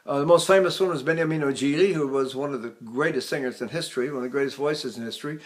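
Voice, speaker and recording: An older voice teacher with a medium-pitched voice explains singing technique. He halts and restarts often, breaking into sung demonstrations.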